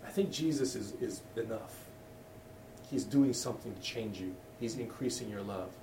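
A man's voice: on the low side, moderate pace, background noise. A middle-aged man preaching a sermon as pastor, talking candidly and conversationally, often restarting his sentences. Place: church hall. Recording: echoey room, voice from a distance.

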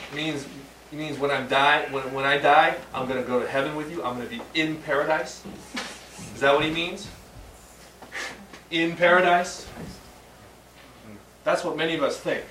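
A man preaching a sermon, halting and repeating words, then rising to emphatic peaks. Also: mid-range voice, pushed and bright. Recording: roomy sound from a distant mic with faint background hum.

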